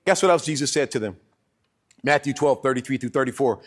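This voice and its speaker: A pastor with a Southern American accent preaching a sermon, animated and emphatic, laughing and repeating words for effect. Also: male voice, medium pitch, fast. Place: church sanctuary.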